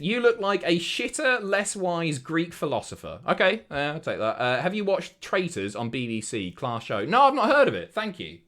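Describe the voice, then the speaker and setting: A man's voice: high-pitched, fairly bright tone. A man in his thirties, a streamer chatting casually, sweary and self-mocking as he reads out viewer messages, a bit out of breath.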